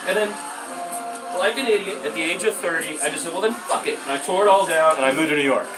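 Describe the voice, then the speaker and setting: A man talks quickly and emphatically in a relaxed conversation, swearing now and then and leaping up in pitch to make a point. His voice sits a little high for a man. He is heard from some distance in an echoey room, with faint music underneath. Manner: animated, emphatic storyteller who swears and jumps in pitch. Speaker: podcast guest. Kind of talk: casual conversation.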